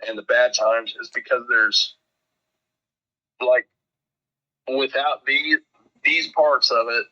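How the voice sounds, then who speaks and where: A man's voice: medium pitch, pushed and bright. A man telling a rambling, profane road story as a guest in a casual podcast chat. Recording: dull lo-fi sound.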